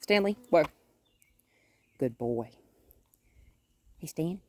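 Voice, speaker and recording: A woman working as a dog trainer, calmly explaining her methods during a hands-on outdoor session and often breaking off to praise the dog. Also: sits low, drawn-out words, no echo. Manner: calm and explanatory, with frequent cheerful praise for the dog. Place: outdoors near a gate with a noisy HVAC unit.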